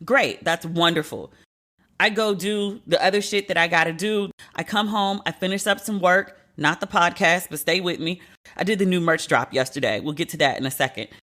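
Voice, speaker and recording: A woman around forty hosting a solo podcast, talking in an animated, profane, venting way. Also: lowish voice, normal speed. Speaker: podcast host.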